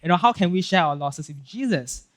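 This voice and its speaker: A male pastor with a Singaporean English accent giving a casual, animated sermon, acting out Bible scenes and checking in with "right?" and "okay?". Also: fairly high pitch, brisk. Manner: casual filler-heavy talk with frequent "right?" and "okay?".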